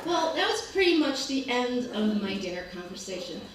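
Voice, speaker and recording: A woman's voice: fairly high pitch, normal speed. Wry woman storyteller in an echoey hall. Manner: wry, self-mocking, lively quoted asides. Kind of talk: live storytelling to an audience. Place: art gallery event space. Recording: very echoey room, distant mic, noise.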